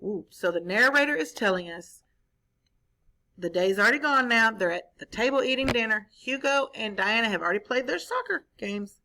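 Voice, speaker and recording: A woman's voice: fairly high pitch, expressive, normal speed, bright, forceful tone, slight background noise. A woman teacher reading a story aloud to children, stopping to explain and ask them questions. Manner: explaining, asks the listeners questions. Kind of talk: read-aloud lesson for children.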